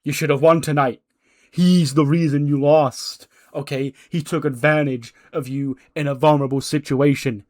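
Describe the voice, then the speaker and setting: A man's voice: a little high, steady tone, moderate pace, no echo, studio quality, natural voice. A man voicing a scheming male wrestler who pushes his partner to cheat. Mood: urgent. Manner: urgent, pushy.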